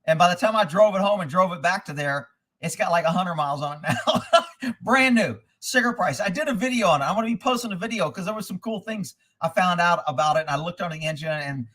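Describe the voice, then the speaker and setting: High-voiced man rambling on a livestream. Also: animated, fast talker, fairly bright tone. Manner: profane, rambling storyteller who laughs often. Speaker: livestream host. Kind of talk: casual live-stream chat, reading comments.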